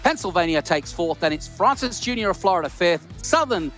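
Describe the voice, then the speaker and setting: Brit play-by-play man, high and bright, loud calls then quiet jokey asides. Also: lively intonation, fairly quick, soft background music. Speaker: lead commentator. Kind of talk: esports race commentary.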